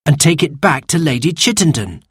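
Earnest storybook boy, reasoning, raised high, as a man puts him on. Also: big pitch swings, moderate pace, breathy edge, no room sound, studio quality, exaggerated voice. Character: sensible young boy, older brother.

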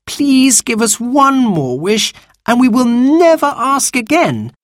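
A man voicing an earnest young girl, the eldest sister, in a storybook reading, pleading and bright. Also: fairly high pitch, big pitch swings, normal speed, breathy edge, dry recording, studio quality, voice pushed up.

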